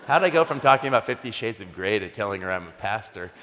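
A middle-aged pastor with a fairly low, bright, forceful voice tells a personal story in his sermon, speaking fast and animated. He's conversational and funny, then grows emphatic as he preaches. The long reverb of a large hall surrounds him, with slight background noise.

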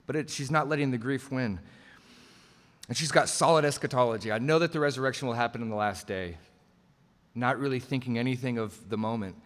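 A man's voice: mid-range voice, brisk. A man preaching a sermon in a conversational way, slipping into quoted voices as he retells the passage. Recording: long hall reverb.

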